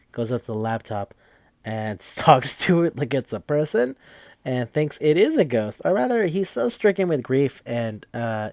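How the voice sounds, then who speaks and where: A man's voice: mid-range voice, darkish tone, dry recording. Casual rambling young man recapping a game. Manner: rambling, swears a lot, quick mocking character quotes. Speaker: podcast host.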